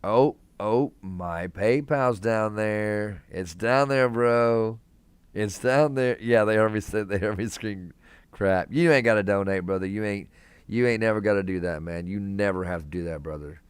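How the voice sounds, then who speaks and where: A young man with a low, smooth voice chats easily on a live stream from a hospital room. He talks in a relaxed, friendly way, reading out viewers' names and calling them brother. The sound is close and dry, with no room echo. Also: normal speed. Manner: laid-back, calls viewers man and brother, reads chat aloud.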